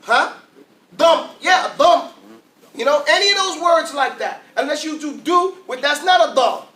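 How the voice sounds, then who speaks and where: A man with a high, bright voice leads an Arabic class, asking the group questions and having them repeat sounds after him. He stands well away from the microphone, and the classroom rings with echo. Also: normal speed. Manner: lively, asks the class questions, drills sounds aloud. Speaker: Arabic teacher. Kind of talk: classroom teaching. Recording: roomy classroom, mic far off.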